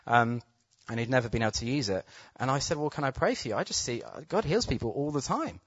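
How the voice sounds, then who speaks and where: A man preaching, telling a healing story with excited laughter, then praying with urgent declarations over the crowd. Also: mid-range voice, fast talker, husky, no room sound. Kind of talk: testimony storytelling and healing prayer. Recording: dull, slightly muffled sound.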